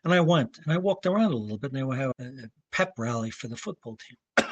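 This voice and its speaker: A man in his seventies from New York State, a veteran running coach telling rambling, anecdotal stories and clearing his throat now and then. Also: medium pitch, animated, quick pace, no room sound, dull audio. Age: 70s. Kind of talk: casual interview talk.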